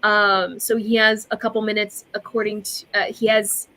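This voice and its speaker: A woman narrating a tabletop role-playing game as game master, in lively, chatty speech with quick voiced asides. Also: mid-range voice.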